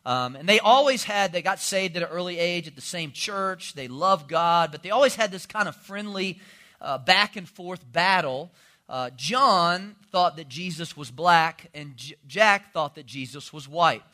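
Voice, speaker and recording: Pastor in his 40s, bright kinda high voice, jokey folksy sermon storytelling. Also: a little slow. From North Carolina. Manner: folksy joking storyteller, animated.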